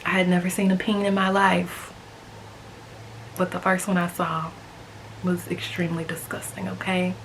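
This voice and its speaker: A young woman hosts a storytime vlog, chatty and animated, speaking directly to her viewers and imitating other people's voices. Her voice is lowish at a normal speed, with long pauses and slight background noise.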